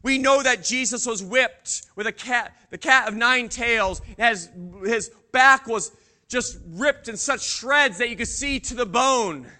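High-voiced male pastor preaching. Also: measured pace, bright, forceful tone. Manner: emphatic, swelling on key phrases. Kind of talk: sermon.

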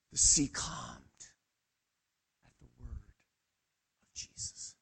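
A man acting out the apostle Peter as a bold, proud fisherman, telling his story in a first-person Bible monologue that swings between hushed awe and loud boasting. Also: sits high, exaggerated voice. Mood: hushed, awed. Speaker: preacher in character.

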